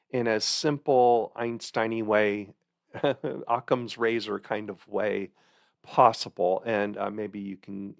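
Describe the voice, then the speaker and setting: A man in his sixties with a gravelly, creaky voice hosts a podcast and rambles through a personal story. He hesitates and chuckles as he goes, and his voice sounds dry and close. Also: lowish voice, no echo. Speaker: podcast host. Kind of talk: casual monologue.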